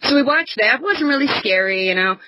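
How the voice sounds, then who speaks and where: A woman's voice: fairly high pitch, lively intonation, fairly quick, muffled recording, noisy background. A woman who is a novelist, chatting as a podcast guest, candid and self-deprecating, laughing a lot. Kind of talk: casual podcast chat.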